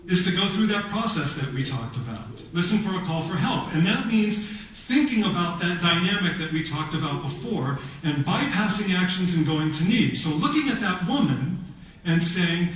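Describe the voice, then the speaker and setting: A man giving a prepared talk, telling a story in a measured, emphatic way with pauses. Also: sits high, expressive, a bit bright. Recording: very echoey hall, voice from far off.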